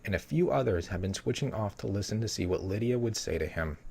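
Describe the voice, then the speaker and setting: An upcoming TV episode gets a casual, unscripted spoiler treatment from a man whose somewhat low voice is a little mellow. Between lines read from a summary, he wanders into tangents, rambling and stuffing every gap with "you know" and "um."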